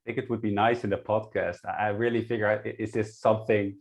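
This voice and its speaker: A man with a fairly low voice joins a relaxed podcast conversation as a guest. He speaks in a halting way, stopping and restarting as he goes. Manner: halting, with frequent fillers and restarts.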